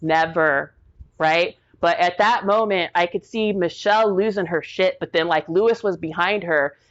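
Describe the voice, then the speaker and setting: Middle-aged woman guest telling a story, lotta "like"s, acts out quotes, lowish voice, kinda muffled lo-fi audio. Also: moderate pace. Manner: animated, acts out quotes, frequent "like" fillers. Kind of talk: personal storytelling. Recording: dull lo-fi audio.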